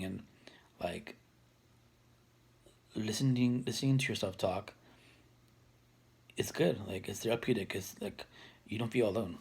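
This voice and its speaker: A thirtysomething vlogger chats casually to camera for his own videos, rambling through many fillers and false starts. His voice is lowish and darkish in tone, slightly rough.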